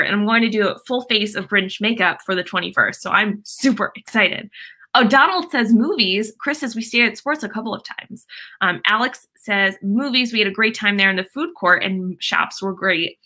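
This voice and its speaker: A woman's voice: mid-range voice, normal speed, sharp tone. A young woman hosting a casual live stream from home, chatting and reading viewer comments aloud with lots of fillers and laughs.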